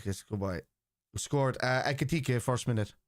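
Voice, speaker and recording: A man's voice: mid-range voice, normal speed, dry recording, clean studio sound. A man from Liverpool in casual live-stream chat, rambling and teasing commenters as he reads out messages during a football watchalong.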